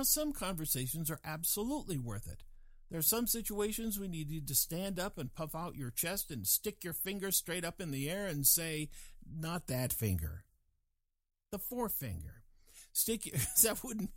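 Animated, chatty man with a lively voice. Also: a little high, dry recording. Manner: animated, digressive, chuckling asides. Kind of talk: reflective casual monologue.

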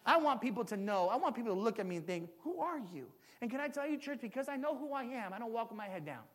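A man's voice: very high voice, expressive, very fast. A man in his forties preaching a sermon, telling stories and building to impassioned emphasis. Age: 40s.

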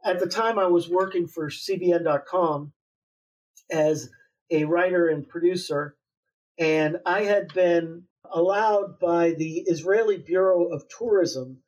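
A man author being interviewed, telling a long story in a relaxed way with many fillers and pauses. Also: high-pitched. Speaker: author guest. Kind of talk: conversational interview. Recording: distant, dull lo-fi sound.

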